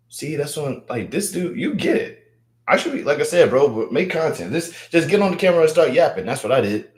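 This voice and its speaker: A young Louisiana man hosts a casual livestream, reading viewer comments and hyping up his audience while repeating his words. His voice is a little high and darkish, very animated and fairly quick, with a roomy echo around it.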